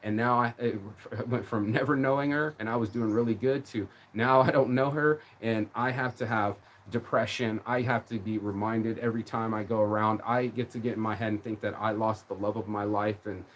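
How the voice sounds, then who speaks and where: A man's voice: fairly low pitch, steady tone, brisk, a little hiss or hum. A man ranting on a live stream in a rambling, emotional way, swearing often and repeating his words. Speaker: livestreamer. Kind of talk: casual rant on a live stream.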